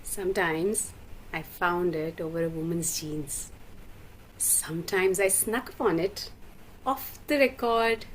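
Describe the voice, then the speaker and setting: A woman performing a stage monologue as a bold, playful woman who loves pleasuring women, speaking slowly in a hushed tone. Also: lowish voice. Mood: sly, hushed. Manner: slow, hushed storytelling that bursts into loud moaning.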